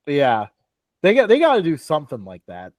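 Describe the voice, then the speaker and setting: A man's voice: a little high, huge pitch swings, normal speed, darkish tone, dry recording. A young man co-hosting a casual sports talk show, rambling with lots of fillers and laughs. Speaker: podcast co-host.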